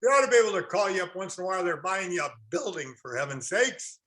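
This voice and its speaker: A man's voice: high voice, lively intonation, fast, bright, forceful tone. A man lecturing a classroom, quizzing his audience and answering his own questions with folksy jokes. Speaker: real estate instructor.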